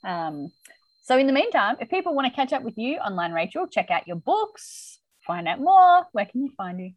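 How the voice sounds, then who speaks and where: A woman's voice: high-pitched, moderate pace, dry recording, highs cut off. A woman hosting a podcast, recapping a TV episode in casual chat and acting out the characters' lines. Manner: chatty, animated retelling with voiced quotes. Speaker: podcast host.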